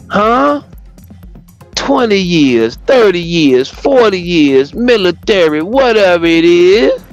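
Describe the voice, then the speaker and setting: A man hosting a livestream, reading a text aloud and breaking off into loud, profane commentary. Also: high voice, dull audio. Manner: animated, profane, reads a text aloud and riffs on it. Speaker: livestream host.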